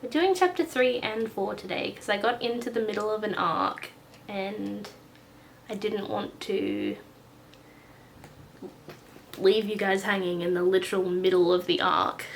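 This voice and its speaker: A woman's voice: medium pitch, lively intonation, unhurried, gravelly, pauses often, slight background noise. A woman casually reading her own story aloud, chatty and easily sidetracked.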